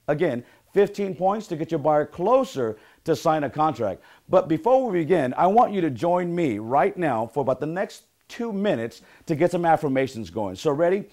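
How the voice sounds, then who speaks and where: A man's voice: on the high side, darkish tone. A man, a real estate sales coach, giving an upbeat motivational training talk and leading call-and-response affirmations.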